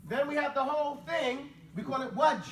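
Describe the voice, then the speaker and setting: A middle-aged man teaching an Arabic class, drilling pronunciation with students and telling anecdotes in an animated, joking way. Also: very high voice, moderate pace, music in the background. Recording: echoey room, far from the mic, noisy.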